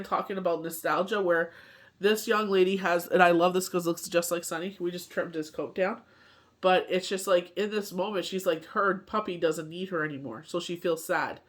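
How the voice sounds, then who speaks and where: A woman with a cold, reading tarot cards in a rambling, chatty way and often asking whether the listener follows. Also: lowish voice. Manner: rambling, chatty, constant "you know what I mean". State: has a cold, short on sleep. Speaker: tarot reader. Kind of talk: casual daily tarot reading.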